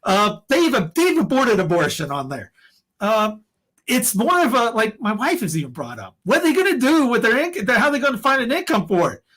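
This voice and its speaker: With a very high, sing-song voice that's fairly quick and a bit bright, this man co-hosts a podcast. His casual opinion talk is heated and meandering, packed with restarts and filler words.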